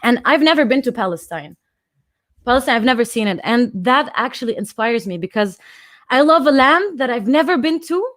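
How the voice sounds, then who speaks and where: A high, bright-pitched woman in her twenties performs spoken word poetry with fierce emphasis, then talks with open emotion. She is from Austria and speaks over a video call. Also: animated, a little fast. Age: 20s. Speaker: poet and singer at an online conference.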